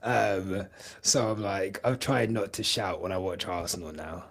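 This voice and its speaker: A man's voice: deep voice, unhurried. A young man chatting casually on a live stream, rambling with many fillers and casual swearing. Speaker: podcast host streaming live.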